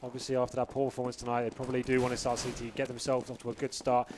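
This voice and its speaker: A man's voice: medium pitch, completely flat delivery, rapid-fire, a little mellow, a little hiss or hum. Playful male esports host. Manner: playful, builds hype with announcer flourishes. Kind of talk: live esports commentary and desk chat.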